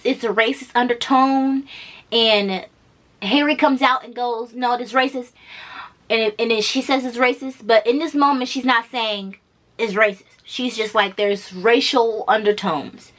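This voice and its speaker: A woman vlogger giving casual reaction commentary, blunt and profane. She hammers her points home by repeating them. Her voice is bright and forceful, pitched a little high.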